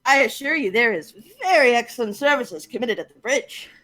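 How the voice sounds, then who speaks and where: A woman voicing a long-winded army captain who lectures at length in a fussy, earnest way. Her voice sits slightly high and moves up and down freely in a casual online reading. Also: expressive, fairly quick, bright, forceful tone. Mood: earnest lecturing. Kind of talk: live-streamed Shakespeare reading.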